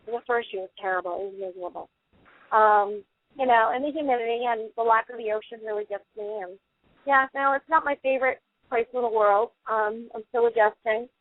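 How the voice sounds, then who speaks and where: A middle-aged woman, a paranormal investigator, telling long animated stories as a guest in a radio interview. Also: fairly high pitch, a little fast, no room sound. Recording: tinny dry phone line.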